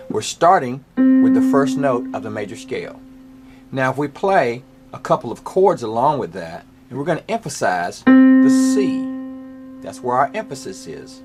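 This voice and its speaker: A man's voice: mid-range voice, big pitch swings, unhurried, long pauses. A man teaching a music lesson, patiently explaining scales step by step. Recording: faint piano playing behind.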